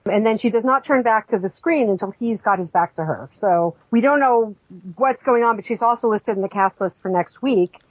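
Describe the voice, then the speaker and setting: A woman's voice: medium pitch, normal speed, no room sound, highs cut off. A woman co-hosting a podcast, talking thoughtfully with frequent hesitations. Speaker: podcast co-host. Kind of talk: casual discussion.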